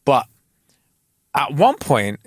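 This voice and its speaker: A man, co-hosting a podcast and telling a story in a casual, animated way full of slang. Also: mid-range voice, drawn-out words, no room sound, studio quality. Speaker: podcast co-host. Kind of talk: casual chat.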